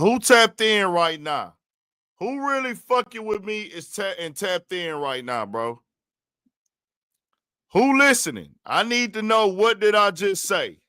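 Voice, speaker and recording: A high, bright-voiced man rants on a live stream, fired up and calling out to his viewers again and again. His voice is smooth and clear, recorded dry and close on the mic. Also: big pitch swings, measured pace, dry recording. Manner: fired-up, repeats himself, calls out to the audience. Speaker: livestream host. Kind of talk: live-stream commentary rant.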